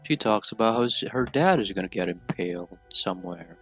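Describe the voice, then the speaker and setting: Man at a tabletop game, lowish voice, hesitant, thinking aloud, faint music behind. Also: expressive, fairly quick, fairly bright tone. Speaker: player. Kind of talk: casual chat at a game table.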